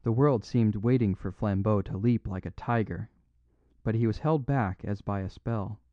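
A man narrating a classic story in an expressive reading. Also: on the low side, normal speed, no echo, lo-fi sound. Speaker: audiobook narrator.

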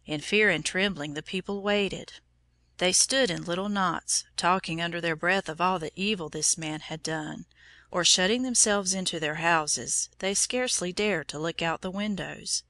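Brief: woman narrator, low-ish, bright and crisp tone, measured storybook reading. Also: dry recording. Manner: measured and solemn.

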